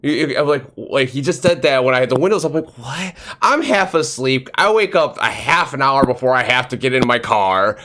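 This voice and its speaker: A man's voice: brisk, few pauses. A man hosting a live interview podcast, chatting casually and acting out stories with quoted voices. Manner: animated storytelling, acts out quotes in a higher voice. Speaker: podcast host.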